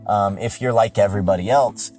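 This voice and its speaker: A man hosting a podcast, giving a casual, rambling movie review that gets excitable and profane when he is riled up. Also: fairly low pitch, brisk, faint music behind. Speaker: podcast host.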